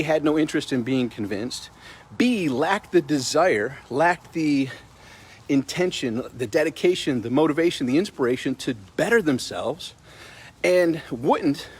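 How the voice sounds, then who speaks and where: A man's voice: on the high side, breathy edge. A middle-aged man telling a story on a casual livestream during a morning walk, repeating words and greeting passersby. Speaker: motivational vlogger.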